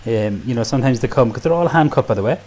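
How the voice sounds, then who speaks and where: A man's voice: mid-range voice, expressive, fast, darkish tone. An Irish man demonstrating a recipe in a kitchen, chatty and enthusiastic, full of praise for the food. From Ireland. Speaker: cook. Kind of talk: cooking demonstration.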